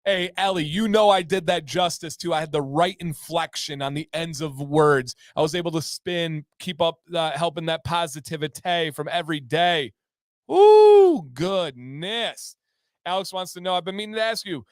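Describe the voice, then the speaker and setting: Upbeat high-voiced man hosting a livestream. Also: fairly quick, hardly any pauses, dry recording, studio quality. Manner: upbeat, excitable, bursts into loud whoops. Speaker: livestream host. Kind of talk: casual livestream chat reading viewer comments.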